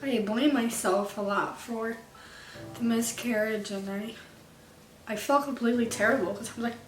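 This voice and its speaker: A woman's voice: on the high side, normal speed. A young woman vlogger candidly telling a personal story to camera, emotional and tearful at times. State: crying at times. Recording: echoey room, far from mic, faint music.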